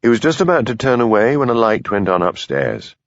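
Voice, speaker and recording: A man narrating a mystery audiobook in a measured, even storytelling manner. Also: mid-range voice, dry recording, dull audio. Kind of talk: scripted narration.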